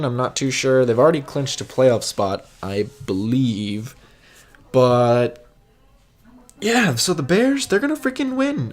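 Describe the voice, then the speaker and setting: An excitable young man talking alone through his game picks in a loose, rambling way. He corrects himself mid-sentence and suddenly jumps high in pitch when something surprises him, with an ordinary, middle-pitched voice otherwise. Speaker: sports vlogger making game predictions. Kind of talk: casual solo prediction video.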